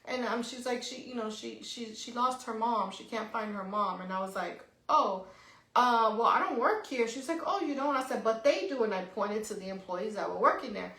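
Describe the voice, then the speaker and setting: A middle-aged woman co-hosting a podcast, telling a story in a lively, casual way, swearing freely and tagging "right?" onto her sentences. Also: on the high side, fairly quick, vocal fry, hardly any pauses. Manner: animated, swears freely, says "right?" often. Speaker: podcast co-host. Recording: echoey room.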